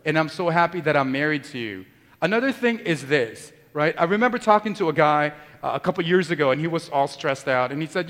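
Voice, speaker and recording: A man's voice: a little high, animated, quick pace, a bit bright. A man preaching as a priest, talking conversationally and joking with the congregation. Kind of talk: sermon. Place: church. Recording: long church reverb.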